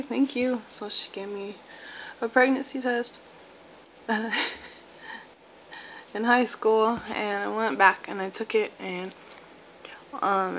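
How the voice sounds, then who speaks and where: Vocal-fry young woman rambling casually. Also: a little high, fairly bright tone, a little hiss or hum, rough recording. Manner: rambling, filler-heavy, laid-back. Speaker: vlogger. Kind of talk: casual storytime monologue.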